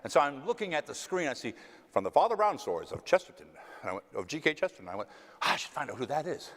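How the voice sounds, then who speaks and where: Lively Texan man in a reverberant hall. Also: a little high, fast talker. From West Texas. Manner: animated, self-mocking, acts out quoted voices. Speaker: actor answering audience questions. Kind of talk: casual storytelling Q&A. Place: theater stage.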